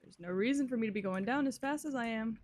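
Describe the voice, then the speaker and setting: A young woman chatting casually with her viewers while playing a game, swearing often and reacting loudly to chat messages. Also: fairly high pitch, fast talker, slight background noise. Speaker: streamer. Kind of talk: casual live-stream chat while gaming.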